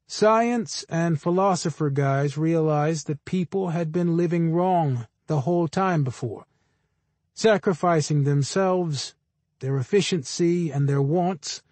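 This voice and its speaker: A man's voice: high voice, measured pace, darkish tone, no room sound, voice pushed up. A man voicing a bored, condescending middle-aged male teacher lecturing his class in an audiobook. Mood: bored scorn.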